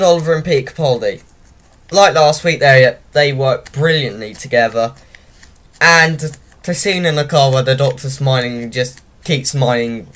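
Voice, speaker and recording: A man's voice: mid-range voice, a bit bright. A young man giving a casual spoken review of a TV episode, enthusiastic and rambling, often restarting his sentences.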